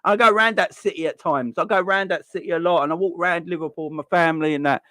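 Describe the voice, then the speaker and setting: A man's voice: on the high side, very fast, dry recording. Fired-up man ranting. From London. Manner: heated, repetitive, stammering restarts, rising to near-shouts. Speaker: football channel host. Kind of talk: passionate ranting monologue.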